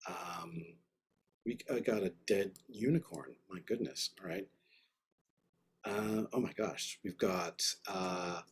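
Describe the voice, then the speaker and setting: A man's voice: low-pitched, expressive, slow pace, husky. A man teaching an online art class, giving enthusiastic, rambling, slangy feedback over a video call. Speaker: art instructor.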